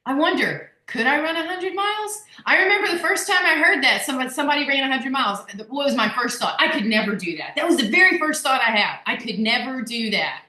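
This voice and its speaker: A woman co-hosting a workshop discussion, talking in an animated, rambling way and laughing often. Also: high voice, fast, few pauses. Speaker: workshop co-host. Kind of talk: casual group discussion. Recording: echoey room.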